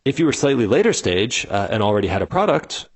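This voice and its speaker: A man's voice: mid-range voice, quick pace, husky. A man casually teaching how to run customer conversations, full of conversational fillers, and slipping into the voices of the people he describes. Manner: conversational, many fillers, animated when quoting people. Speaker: instructor explaining customer interviews. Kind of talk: casual spoken lesson, acting out example dialogues.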